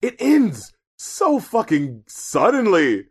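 A high-voiced man talking through an album in loose, casual conversation. He gets animated, breaks into laughter often, and swears freely as he riffs on the lyrics. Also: slow pace, slightly rough. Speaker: podcast co-host reviewing an album. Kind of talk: casual chat.

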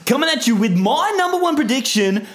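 A man voicing a brash, boastful hype-man persona who shouts his predictions like an announcer. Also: very high-pitched, big pitch swings, fairly quick, very noisy, pitched above the performer's own voice. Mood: hyped. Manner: loud, boastful announcer patter. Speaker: podcast co-host.

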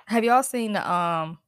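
A woman's voice: fairly high pitch, dry recording, clean studio sound. Profane, fired-up woman podcast host. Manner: heated, profane, animated venting with laughs and sighs. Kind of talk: casual solo podcast rant.

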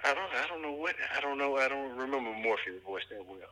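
A man's voice: mid-range voice, expressive, fast talker, bright, forceful tone. A man co-hosting a podcast from a remote phone line, chatting casually and joking in a laid-back way. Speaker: podcast co-host. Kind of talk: casual chat.

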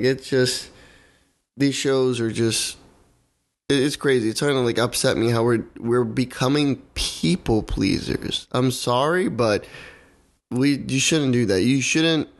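A young man ranting in a casual podcast conversation. His voice sits at an ordinary middle pitch. He talks heatedly, curses freely and hammers his points home by repeating them. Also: slow pace. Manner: heated, swearing, repeats himself for emphasis. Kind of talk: casual opinionated chat.

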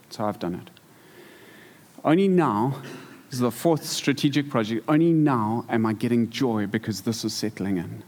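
A man preaching to a church congregation, telling stories in a lively way that stumbles and repeats words. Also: mid-range voice, moderate pace. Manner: storytelling, animated, repeats words. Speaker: pastor. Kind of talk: sermon. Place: church hall.

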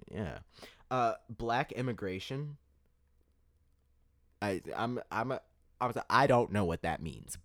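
A man's voice: lowish voice, no echo, studio quality. A man hosting an opinion podcast, talking emphatically and tossing out rhetorical "right?" questions. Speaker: podcast host. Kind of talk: opinion commentary monologue.

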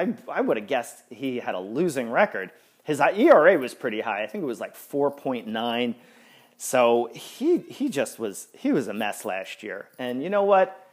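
A man's voice: normal speed, slightly rough. A man hosting a sports podcast in casual chat, ranting with exasperation and stumbling restarts. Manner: lively, swinging up and down in pitch. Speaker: podcast host.

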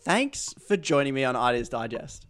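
A young Australian man hosts a chatty podcast interview, wandering into jokey tangents and mocking himself as he goes. His voice sits at an ordinary middle pitch. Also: lively intonation, normal speed, fairly bright tone. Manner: rambling, self-mocking, jokey asides. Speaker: podcast host. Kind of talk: casual interview chat.

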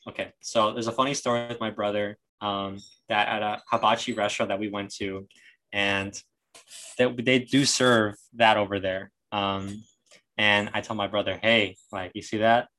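A man's voice: fairly low pitch, level tone, normal speed, bright, forceful tone. A young man guesting on a podcast, telling a rambling family story with laughter and fillers. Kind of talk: casual chat.

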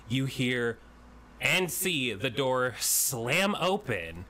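A man narrating a tabletop game as game master, animated and rambling. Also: medium pitch, drawn-out words, slight background noise.

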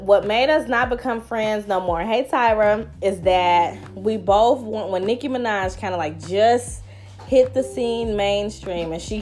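A young woman, hosting a podcast and telling a story in slangy, animated casual chat over a phone app. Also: medium pitch. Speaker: podcast host.

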